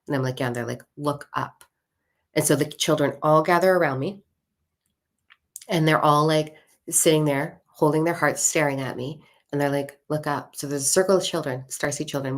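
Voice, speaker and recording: Low-voiced woman telling a story. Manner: animated, acts out quoted voices, swears freely. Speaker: spiritual author and coach. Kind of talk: casual storytelling monologue.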